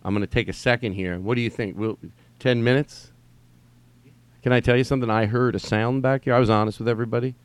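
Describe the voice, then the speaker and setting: A man's voice: medium pitch, steady tone, fast, clear, resonant tone, no room sound. A man hosting a solo podcast from home, rambling and swearing, often restarting his sentences. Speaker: podcast host. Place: at home during quarantine.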